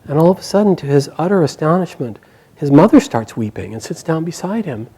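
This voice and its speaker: A man telling an epic story aloud, narrating expressively with frequent pauses and small restarts. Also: fairly high pitch, sing-song, mellow, husky, low-quality recording.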